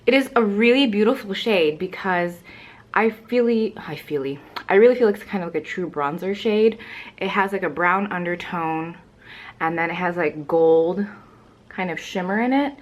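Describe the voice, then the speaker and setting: A woman's voice: lowish voice, expressive, normal speed. A young woman chatting casually to camera at home about makeup, rambling with lots of fillers and a little out of breath. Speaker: beauty vlogger.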